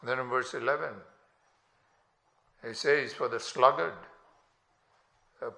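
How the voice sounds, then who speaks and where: A man preaching a sermon in a slow, deliberate way, lifting his voice sharply on scripture quotations. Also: a little high, sharp tone. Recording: echoey room.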